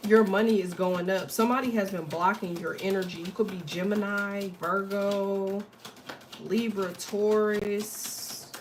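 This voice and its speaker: A woman's voice: medium pitch, fairly even intonation, moderate pace, few pauses, a little hiss or hum. Blunt, profane woman giving a spiritual reading. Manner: blunt, profane and rambling, with many fillers. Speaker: astrology and tarot reader.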